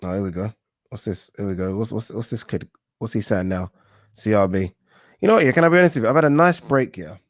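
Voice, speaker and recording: A man hosts his boxing channel, reading out viewer comments in a relaxed, joking manner and swearing casually. His voice sits on the low side. The sound is dry and close, with no room echo. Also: quick pace. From England. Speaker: boxing YouTube host.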